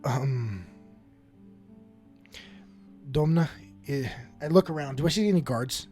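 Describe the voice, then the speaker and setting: Halting, animated man at a game table. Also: mid-range voice, soft background music. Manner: halting, repeats words. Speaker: player. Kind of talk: casual tabletop game play.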